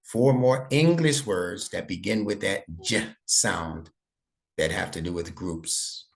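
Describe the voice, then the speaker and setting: A man's voice: sits low, slow, vocal fry. A middle-aged man giving a one-on-one online lesson to a child, patient and coaxing with playful teasing. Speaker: instructor.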